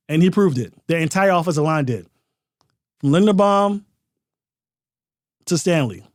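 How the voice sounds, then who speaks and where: A man's voice: a little high, no echo, studio quality. A man hosting a sports podcast, giving emphatic, opinionated commentary full of rhetorical questions.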